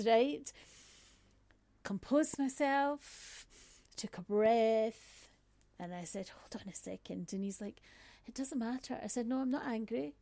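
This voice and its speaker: Woman speaker, low-key gravelly storyteller, chatty with lots of asides, dry recording. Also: a little slow, dark tone, dry recording. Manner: conversational, frequent "right?" and "um" asides. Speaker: speaker on workplace bias. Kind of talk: personal storytelling talk.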